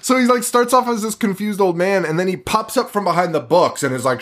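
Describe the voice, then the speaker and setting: A man's voice: sits high, expressive, quick pace, hardly any pauses, fairly bright tone. A man co-hosting a podcast in a basement, retelling a movie in casual chat, laughing often and swearing freely. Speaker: podcast co-host.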